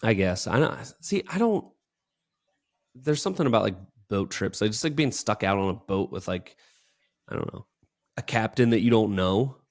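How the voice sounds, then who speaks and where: A man's voice: lowish voice, expressive, normal speed, creaky. A young man co-hosting a podcast, telling a story in casual chat, rambling with lots of fillers. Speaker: podcast co-host.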